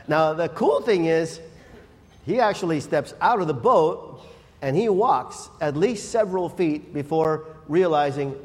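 A man preaching a sermon, telling Bible stories in a lively, conversational way and acting out the people in them. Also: fairly high pitch, measured pace, slight background noise. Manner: animated storyteller acting out Bible scenes. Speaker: pastor. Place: church. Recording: reverberant church hall.

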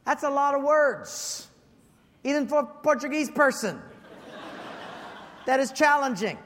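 High-voiced pastor preaching in a large hall. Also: male voice, a little slow, a little hiss or hum. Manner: animated storyteller, acts out voices and shouts for comic effect. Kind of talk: sermon. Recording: long reverb of a large hall.

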